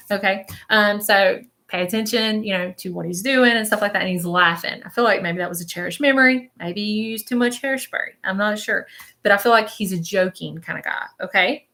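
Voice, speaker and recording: Her tone bright and forceful, a woman at medium pitch and normal speed gives a spiritual medium's live-stream reading. She describes visions in the present tense, rambling and hesitant as she searches, and keeps checking in with "okay?".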